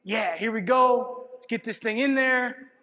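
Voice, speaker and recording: Hyped-up mascot, a male speaker's quick quote, high, boastful, long hall reverb. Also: full character voice. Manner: excited, boastful hype. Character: jacked-up male team mascot, cheering.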